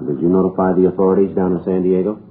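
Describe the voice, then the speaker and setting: A steady police detective, played by a man, talks in a very deep voice, quick and clipped yet reassuring. It is a 1950s radio crime drama heard through a tinny broadcast with faint hiss. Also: lightly acted. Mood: calm.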